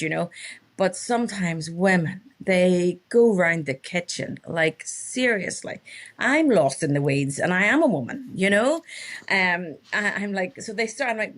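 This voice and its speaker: Animated woman coach. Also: on the low side, normal speed. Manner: animated storyteller acting out clients' lines. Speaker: relationship coach guest. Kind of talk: casual podcast interview.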